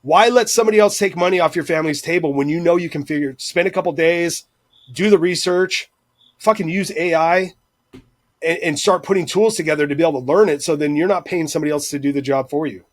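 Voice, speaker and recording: Casting: man with a slightly raised pitch, swearing, rambling podcast talker. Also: fairly quick, no room sound. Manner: profane, rambling, intense. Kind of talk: casual podcast chat.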